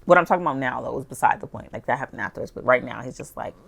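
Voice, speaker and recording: A woman's voice: very deep voice, racing, gravelly. A woman chatting animatedly as she narrates life-sim gameplay, often saying "like". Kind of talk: casual storytelling over life-sim gameplay.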